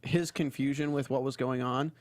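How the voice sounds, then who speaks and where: A man's voice: medium pitch, steady tone, normal speed. A man co-hosting a casual TV recap chat, wry and blunt, now and then acting out lines from the show. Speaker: co-host.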